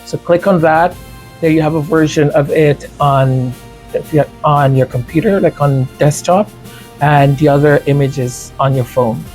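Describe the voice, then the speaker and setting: Faint music plays behind this man as he talks to his viewers at an unhurried pace, his voice fairly high and a bit mellow. A music creator addressing supporters, he stutters and is tongue-tied, repeating words and struggling with certain sounds.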